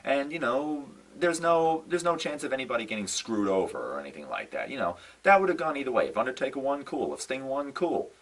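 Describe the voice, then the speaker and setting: Young man, casual vlog rant, exasperated, sighing, mid-pitched voice. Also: brisk, hardly any pauses, recorded from a distance, rough recording. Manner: exasperated, animated ranting with sighs and repeated "no"s. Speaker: wrestling fan vlogger. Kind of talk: casual ranting commentary.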